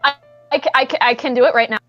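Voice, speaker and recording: A woman's voice: high-pitched, steady tone, racing, fairly bright tone, lo-fi sound, faint music behind. A young woman playing a tabletop game, upbeat and chatty with the group. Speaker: player. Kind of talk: casual tabletop play.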